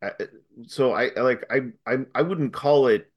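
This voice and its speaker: A man's voice: mid-range voice, unhurried. A man in casual podcast chat who speaks thoughtfully and restarts his sentences.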